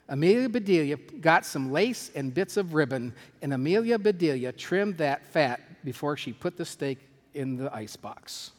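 A man's voice: on the high side, lively intonation, normal speed, darkish tone. Earnest male preacher in a reverberant hall. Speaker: pastor. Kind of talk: sermon with a storybook reading.

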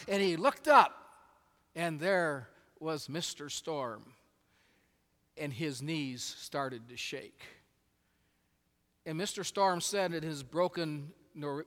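A man preaching a sermon as pastor, telling a story in an animated way that often swings between loud and quiet. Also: fairly high pitch, in a large hall. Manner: animated storytelling with shifting volume.

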